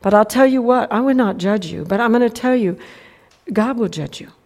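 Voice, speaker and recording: Middle-aged woman preacher, folksy storytelling, kinda high voice. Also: moderate pace, a little mellow. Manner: folksy storytelling, acts out quotes. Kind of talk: sermon with personal story.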